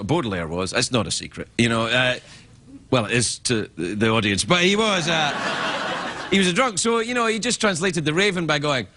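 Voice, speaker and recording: A Scottish man in his fifties, a late-night talk show host rambling through a self-mocking comedy monologue, breaking into loud squawking impressions. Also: a little high, very noisy. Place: TV studio with live audience.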